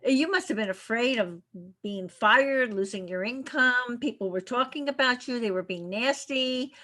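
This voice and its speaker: A woman's voice: on the high side, moderate pace, bright, forceful tone. A woman hosting a podcast interview, empathetic, reacting often to her guest. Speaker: podcast host.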